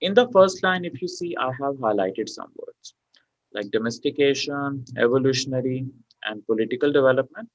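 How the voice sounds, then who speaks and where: Male tutor, mid pitch, running an online lesson with lots of fillers; dry, muffled call audio. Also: moderate pace, dry recording. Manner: explains step by step with many fillers like okay and you know. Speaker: PTE exam tutor. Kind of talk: online class lecture.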